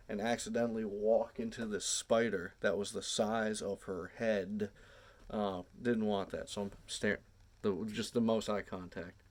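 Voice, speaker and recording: A man telling a personal story casually to camera, animated, drawn out and sprinkled with swearing. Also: lowish voice.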